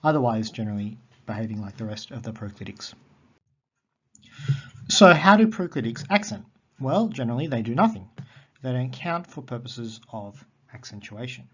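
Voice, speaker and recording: A man teaching a recorded lesson on Greek accents, methodical and repeating key terms slowly. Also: medium pitch, sing-song, breathy edge, lo-fi sound.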